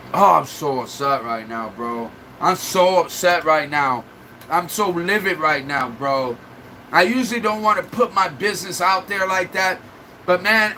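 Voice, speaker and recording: A man's voice: high voice, bright, forceful tone, a little hiss or hum, rough recording. A man livestreaming in a casual chat, venting at length to his viewers in a rambling, upset way. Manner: rambling, restarts and fillers.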